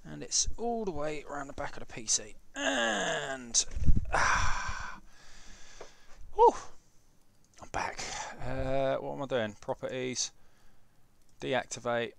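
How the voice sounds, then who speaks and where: Taking his time and pausing often, a young man hosts a live game stream from his home PC setup, giving casual gameplay commentary, swearing, fixing his setup and reading chat. His medium-pitched voice is expressive, a bit bright and full of vocal fry.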